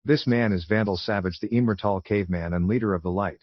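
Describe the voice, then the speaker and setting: A low-voiced man narrates a fan fiction story in a plain, amateur reading, often tripping and restarting. The recording is dull and lo-fi, dry and close, with no room sound. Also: quick pace, dry recording.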